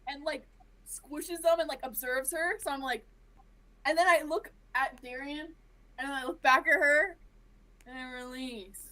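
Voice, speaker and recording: Woman player in a tabletop game, high voice, bright, playful. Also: unhurried, rough recording.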